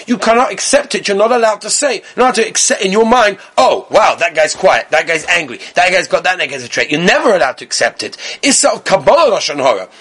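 A man's voice: high-pitched, a bit bright. A man giving a Torah lecture as a rabbi, emphatic and repeating key words.

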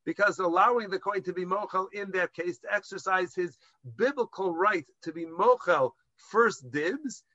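A man's voice: high voice, bright, forceful tone, dry recording, highs cut off. A man giving a Jewish law lesson to a class, explaining step by step and mixing Hebrew terms into English, with some hesitant restarts. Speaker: rabbinic lecturer.

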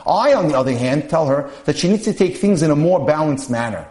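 A man reading marriage case studies aloud on a podcast, in a measured way, with asides to his listeners. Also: fairly high pitch, animated, a little mellow, echoey room. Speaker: podcast speaker on dating and marriage.

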